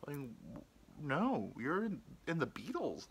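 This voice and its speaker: A man's voice: on the high side, big pitch swings, measured pace, a little hiss or hum. Rambling self-mocking young man. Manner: rambling, self-deprecating, mimics people he quotes. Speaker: podcast host. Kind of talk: casual storytelling monologue.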